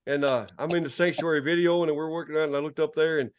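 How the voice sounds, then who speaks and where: A man's voice: steady tone, rapid-fire, smooth. A man, co-hosting a podcast, telling family stories in casual chat and teasing his brother. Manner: teasing, imitates family in higher voice. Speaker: podcast co-host.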